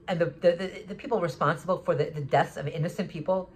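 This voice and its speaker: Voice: mid-range voice, fairly even intonation, fast, a little hiss or hum. A vlogger talking in an agitated, rambling monologue, often restarting sentences and swearing. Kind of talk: monologue recounting an encounter.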